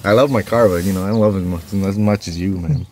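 A man's voice: low-pitched, fast talker, mellow, a little hiss or hum. A man hosting a car vlog, teasing and laughing with his friends in casual banter. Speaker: vlog host. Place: inside a car.

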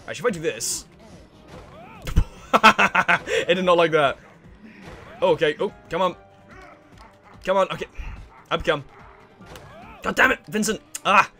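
Young dude rambling over a game, kinda high voice. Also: male voice, expressive, bright, forceful tone. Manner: rambling, chatty, quick laughs and exclamations. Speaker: let's play host. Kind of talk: casual gameplay commentary. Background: faint game music.

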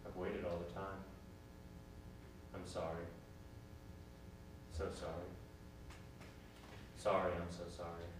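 A man's voice: deep voice, completely flat delivery, slow, pauses often. An actor playing an apologetic man who keeps waiting for a call and repeats his sorrys. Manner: apologetic, repetitive. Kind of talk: stage play reading. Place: theater stage. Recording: echoey stage from far off, faint noise.

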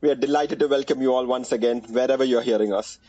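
An Indian-accented man hosting a podcast in a loose, joking way. He stumbles and restarts often, and his pitch sits in the middle. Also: steady tone, quick pace, dark tone, no echo, highs cut off. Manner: playful, rhyming intro, frequent restarts. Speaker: podcast host. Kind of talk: casual podcast chat.

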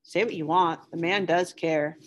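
Woman putting on a snappy blunt young soldier, short with everyone, lowish voice. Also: steady tone, normal speed, lightly acted. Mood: gruff. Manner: curt, snappish.

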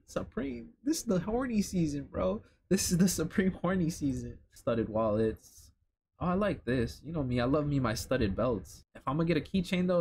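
A young man from Chicago talking casually and excitedly, with lots of slang and swearing, as he reacts to new streetwear items. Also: on the high side, slight background noise. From Chicago, United States. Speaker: streetwear vlogger. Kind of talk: casual commentary while browsing a lookbook.

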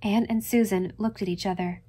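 A woman narrating a classic novel in a measured, expressive audiobook reading. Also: medium pitch, husky.

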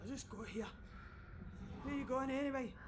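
Blunt Scottish rig worker. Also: male voice, very high voice, normal speed, noisy background. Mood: urgent. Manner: urgent, blunt, sweary. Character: tense male oil rig worker giving warnings. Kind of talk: video game voice acting.

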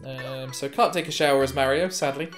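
A man's voice: medium pitch, brisk, soft background music. Man hosting a let's play, easygoing, hesitant game commentary. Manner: relaxed, hesitant with fillers. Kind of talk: casual gameplay commentary.

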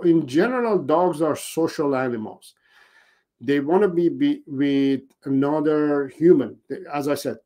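A man's voice: medium pitch, mellow. A man who trains dogs, giving a casual live tutorial in a loose, conversational way with many fillers and restarts. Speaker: dog trainer.

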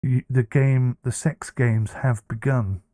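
A man's voice: medium pitch, steady tone, slow pace, warm tone, no room sound, clean studio sound. A man hosting a reaction commentary, talking bluntly and casually with many fillers and restarts. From United Kingdom. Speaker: commentary host.

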